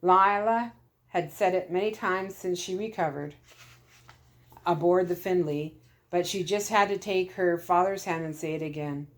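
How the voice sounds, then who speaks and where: Calm woman reading a storybook aloud. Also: fairly low pitch, a little slow.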